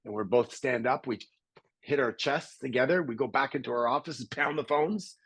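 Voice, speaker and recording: A middle-aged man from Canada, a podcast guest telling stories in a lively conversational way and acting out the voices of people he quotes. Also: mid-range voice, moderate pace, gravelly, slightly rough, dry recording, low-quality recording. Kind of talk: conversational storytelling.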